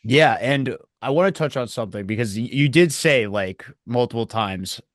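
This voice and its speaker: A man co-hosting a casual wrestling review podcast, telling events in an animated way with acted quotes. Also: mid-range voice, moderate pace, dry recording, clean studio sound. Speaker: podcast co-host.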